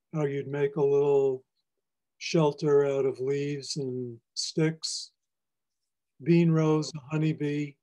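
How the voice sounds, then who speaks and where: A poet giving a library lecture on poetry, explaining lines in a measured, teacherly way. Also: male voice, a little high, warm tone. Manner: measured, explanatory, reads lines aloud for emphasis. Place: public library presentation.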